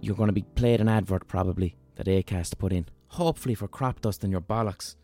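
A man hosts a podcast in relaxed, casual conversation. He rambles with a jokey, irreverent manner. Faint music sits under his voice. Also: on the low side, fairly quick. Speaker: podcast host.

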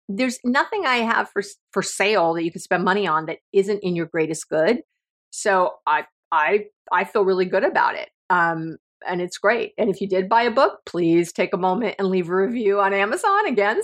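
Middle-aged woman podcast host, emphatic and chatty, with faint music underneath. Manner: emphatic, animated, affectionate, swings into high exasperated quotes. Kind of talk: casual podcast monologue.

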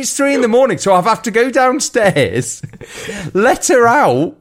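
A man's voice: extremely high pitch, takes it slowly. A man, co-host of a casual chat show, telling a story with lots of swearing and laughter. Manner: animated, swears a lot, laughs through stories. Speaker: podcast co-host.

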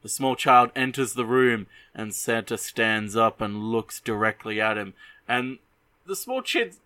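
A young adult man hosting a show who casually retells a movie in animated bursts. He swears freely and often restarts his sentences. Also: on the low side, unhurried, clear, resonant tone. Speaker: host.

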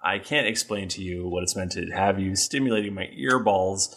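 Man, lowish bright voice, podcast co-host reading reviews with jokey emphasis. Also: normal speed. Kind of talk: casual chat, reading listener reviews aloud.

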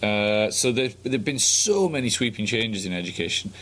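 A man's voice: lowish voice, lively intonation, normal speed, a bit bright. A man co-hosting a casual political podcast, joking and teasing himself as he talks. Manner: jokey, self-mocking banter. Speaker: podcast co-host.

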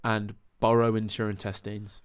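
A man in casual podcast chat, telling a story in an animated way with many fillers. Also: on the low side, moderate pace, clear, resonant tone, no echo.

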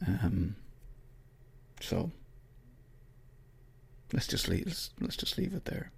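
Low gravelly Irish man chatting. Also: big pitch swings, slow pace, darkish tone. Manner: rambling and self-mocking, with many restarts. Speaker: podcast host. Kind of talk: casual solo chat.

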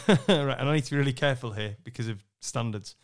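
A man co-hosting a podcast, telling animated anecdotes, laughing often and acting out what others said. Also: mid-range voice, fast talker. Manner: animated storyteller, laughs often, acts out quotes. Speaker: podcast co-host, snooker MC.

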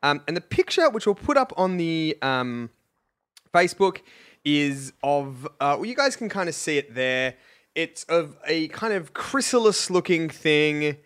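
A man's voice: a little high, very animated, a little slow, a bit bright, clear, resonant tone. A man co-hosting a podcast in casual comedic chat, playful and teasing, with lots of ums. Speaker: podcast co-host.

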